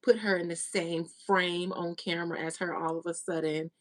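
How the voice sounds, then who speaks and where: A woman's voice: lowish voice, fairly even intonation, moderate pace. Blunt, gossipy woman reader. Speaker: tarot reader. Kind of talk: casual monologue, spiritual reading.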